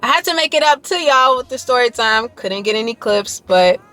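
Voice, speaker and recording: A woman's voice: fairly high pitch, expressive, fairly quick, bright, forceful tone. Young female YouTuber and dancer, chatty and heartfelt, casual vlog delivery. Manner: emotional, earnest and talkative, rambling with fillers. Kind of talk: casual vlog chat to viewers.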